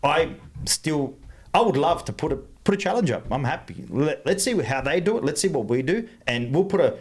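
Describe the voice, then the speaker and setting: A man's voice: medium pitch, lively intonation, brisk. A man with an Australian accent talking bluntly as a podcast guest, often circling back and restarting his sentences. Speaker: guest, engine builder. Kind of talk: casual podcast chat.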